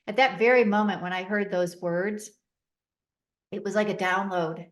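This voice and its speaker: A woman's voice: mid-range voice, fairly even intonation, normal speed. A middle-aged woman telling a personal story as a podcast guest, recounting events vividly and acting out the dialogue with emotion.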